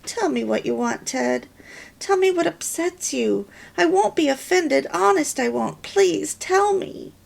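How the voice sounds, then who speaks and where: A woman reading the part of a quick-tempered wife and mother who speaks in a pleading way. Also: on the high side, gravelly.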